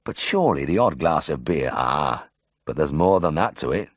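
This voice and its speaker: A man's voice: a bass voice, lively intonation, normal speed, no echo, clean studio sound. A man voicing a bad-tempered old male farmer, blunt and swearing, in an audiobook. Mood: grim muttering. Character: sour, grumbling old male Yorkshire farmer.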